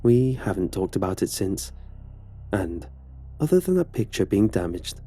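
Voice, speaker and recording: A man's voice: fairly low pitch, very animated, moderate pace, warm tone, breathy edge, faint music behind. A man narrating a horror story in a casual, conversational way.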